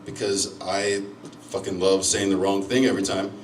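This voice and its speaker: A man's voice: low-pitched, flat delivery, moderate pace, a little hiss or hum. A man doing a stand-up comedy set, telling crude, self-mocking stories. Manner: crude, self-mocking storytelling with loud owl-call yells. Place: comedy club stage. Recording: echoey club from far off. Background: crowd laughter.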